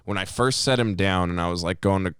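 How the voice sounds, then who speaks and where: Talking fast in a low voice, a man co-hosting a podcast launches into an animated anecdote, cursing freely and imitating what others said. The tone is clean, with no echo and studio-quality sound.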